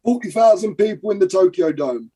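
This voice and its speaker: Young man from britain, interview guest, animated storyteller, casual swearing, slightly high voice. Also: a little fast, breathy edge, poor audio. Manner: lively, swears casually, acts out scenes. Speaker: guest, professional wrestler. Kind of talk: animated anecdote telling.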